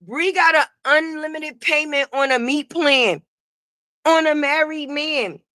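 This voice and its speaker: A woman hosting a casual gossip commentary stream, profane and animated, talking straight to her viewers. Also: high voice, unhurried, no echo, clean studio sound. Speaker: host.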